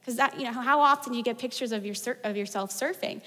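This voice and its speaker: A woman pastor preaches in a high, bright voice, chatty and loose, with lots of casual fillers. Her words ring out with a long reverb, as in a large church auditorium. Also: quick pace. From United States. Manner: conversational, storytelling with fillers like "like". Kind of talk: sermon.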